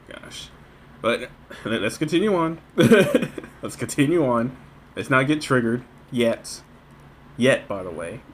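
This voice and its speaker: A man's voice: mid-range voice, slow, long pauses, slight background noise. A man reacting to a video clip with sarcastic, exclamatory commentary. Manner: mocking, exclamatory, animated.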